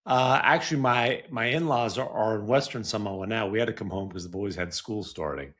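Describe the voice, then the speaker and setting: A man with a fairly low voice co-hosts a podcast, chatting casually. He is easygoing and pokes fun at himself, and the talk is relaxed. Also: fairly quick. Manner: easygoing, self-deprecating. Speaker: podcast co-host. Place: home studio.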